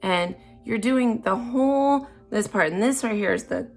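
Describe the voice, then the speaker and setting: A woman filming her first makeup tutorial, chatting casually and unsure of herself, dropping into soft murmurs while she concentrates on the brush work. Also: fairly high pitch, moderate pace, hardly any pauses, soft background music. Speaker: beginner makeup vlogger.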